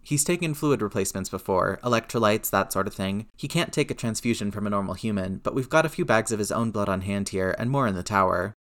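A man's voice: on the low side, fairly bright tone, lightly acted. A man reading as a flustered, snappy inventor. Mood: brisk, tense. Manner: fast, defensive, rambling. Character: rattled male billionaire inventor, snappy.

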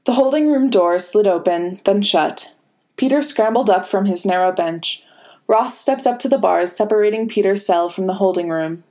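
A woman reading a story aloud as narrator in a measured, dramatic way. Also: medium pitch, dark tone. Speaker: fan fiction reader. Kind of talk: scripted narration.

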